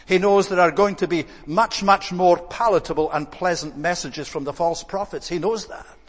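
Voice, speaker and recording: A man preaching a sermon in an earnest, measured way, stressing points by repeating words. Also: sits high, long reverb tail.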